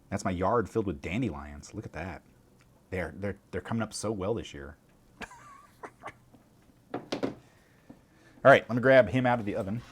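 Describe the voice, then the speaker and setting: A man with a very deep voice chats loosely on a livestream, his pitch swinging widely as he rambles. He swears freely and mutters asides to himself, with faint ambient noise behind him. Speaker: streamer. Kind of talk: casual livestream chat.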